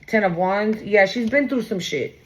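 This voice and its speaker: A woman's voice: mid-range voice, moderate pace, lo-fi sound, noisy background. Blunt, slangy woman reading tarot. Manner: blunt, slangy, swears freely; animated, acts out quoted voices. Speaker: tarot reader. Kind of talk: casual spoken tarot reading.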